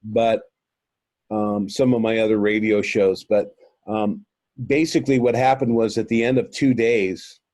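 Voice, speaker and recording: A man tells his story as an interview guest, full of ums and restarts, calling his listeners "folks." His voice is mellow and warm. The sound is dry, with no room around it. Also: fairly low pitch, fairly even intonation, measured pace, dry recording. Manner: rambling, many fillers and restarts; earnest, addresses listeners as folks. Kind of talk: recounting a personal experience.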